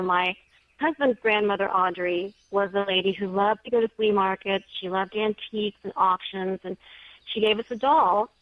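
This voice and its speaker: A woman in the middle of her pitch range tells a story in a chatty, animated way, slipping into the voices of the people she quotes. The sound is dull and lo-fi, and the recording is dry. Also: no echo. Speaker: guest author. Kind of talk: casual storytelling in an interview. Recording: dull, lo-fi audio.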